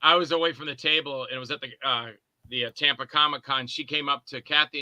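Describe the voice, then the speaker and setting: On a podcast, an indie filmmaker and actor casually winds through anecdotes, voicing every person himself. His high voice is sharp, bright and clean, and he talks briskly. The recording is dry and close, with no echo or room sound.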